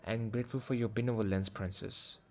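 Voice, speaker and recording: A man voicing a meek, gentle young devil maid in a storybook reading, answering politely and humbly. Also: on the low side, steady tone, fairly quick, close to an everyday voice.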